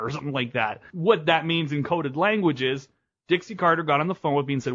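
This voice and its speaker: In loose, rambling talk on his wrestling podcast, this host curses a lot and is quick to laugh. He speaks with a fairly high, fairly bright voice, though the recording sounds muffled.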